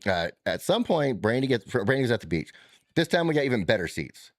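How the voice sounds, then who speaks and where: A man telling a rambling, animated, profane trip story in casual chat. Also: mid-range voice, fairly quick, no room sound, studio quality.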